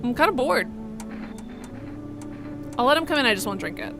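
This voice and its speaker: A woman's voice: high voice, big pitch swings, normal speed, vocal fry. A young woman giving casual live commentary as she plays a horror game, chatty and prone to exclaiming and swearing. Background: music.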